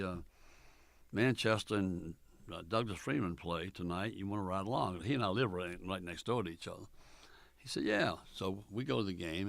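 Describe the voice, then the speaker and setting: An older man, a former college basketball coach, telling stories in an oral history interview in a folksy, unhurried way with many fillers, acting out the dialogue. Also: on the low side, gravelly, fairly bright tone, dry recording.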